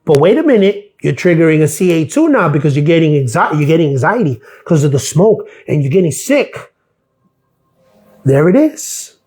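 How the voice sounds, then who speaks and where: A man's voice: on the high side, big pitch swings, moderate pace, dark tone. A middle-aged man hosting a live stream, ranting bluntly and sarcastically about his workplace and swearing freely. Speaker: live stream host, former mail carrier.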